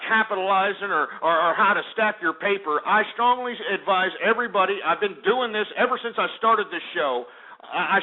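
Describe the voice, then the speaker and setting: A man hosting a radio show, delivering ranting market commentary in a profane, fired-up manner. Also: sits high. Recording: tinny phone-like audio.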